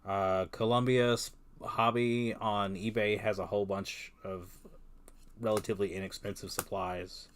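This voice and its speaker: A man chatting casually on a livestream while he sorts cards, rambling with many pauses and restarts. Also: fairly low pitch, flat delivery, slight background noise. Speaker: card-business streamer.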